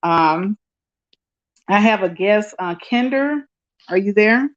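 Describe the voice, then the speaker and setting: Woman host, casual live call-in stream, effusive and halting, muffled lo-fi sound. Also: medium pitch, expressive. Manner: effusive, many fillers and restarts. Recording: dull lo-fi stream audio.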